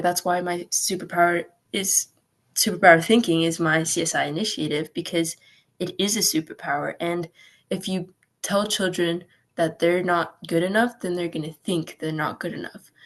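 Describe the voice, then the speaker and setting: Earnest teen girl, gravelly low voice. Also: a bit bright. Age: teens. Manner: earnest, upbeat, fillers of "like". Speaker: guest. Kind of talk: casual interview talk.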